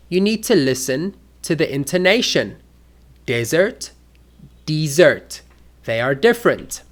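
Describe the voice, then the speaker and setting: In a mid-range voice, an English teacher gives learners a clear, deliberate lesson, acting out spoken examples.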